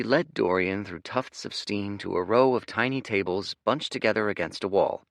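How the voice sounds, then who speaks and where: A man's voice: fairly low pitch, moderate pace, creaky, few pauses, dry recording, clean studio sound. A man narrating an audiobook expressively, switching into character voices. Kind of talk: scripted narration.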